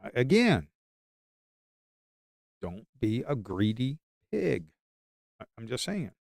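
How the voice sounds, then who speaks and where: A man's voice: mid-range voice, very animated, takes it slowly, gravelly, a little mellow, dry recording, clean studio sound. A man giving live stock trading commentary in an emphatic, repetitive way.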